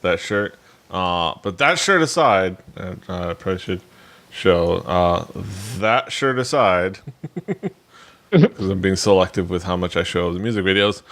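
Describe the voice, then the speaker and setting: A man with a very low, deep voice chats loosely on a music podcast. He rambles, trips over his words and circles back with plenty of uh's and likes. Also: lively intonation, measured pace, a bit bright. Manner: rambling, lots of fillers and restarts. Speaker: podcast co-host. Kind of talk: casual chat about music.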